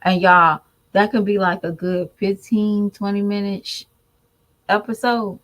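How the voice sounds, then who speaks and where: A woman's voice: mid-range voice, unhurried, rough recording. A woman giving candid, preachy commentary to her viewers in a casual vlog. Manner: candid, preachy, animated mimicry. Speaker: vlogger.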